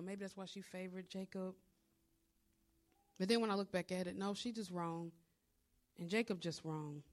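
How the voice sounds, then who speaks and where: A woman preacher giving a conversational, story-driven sermon, retelling a scripture story with asides. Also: on the low side.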